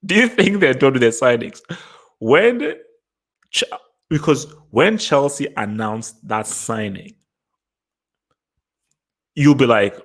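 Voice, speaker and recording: Taunting, excitable man on a football stream. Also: mid-range voice, slow, pauses often. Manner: taunting, excitable, repeats himself, laughs at chat. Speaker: host of a football fan show. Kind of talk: live-stream chat with viewers.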